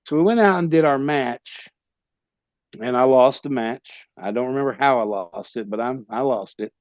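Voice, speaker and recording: A man, a wrestler guest telling animated stories in casual talk, acting out quoted voices and swearing freely. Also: medium pitch, moderate pace, dry recording. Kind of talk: casual storytelling interview.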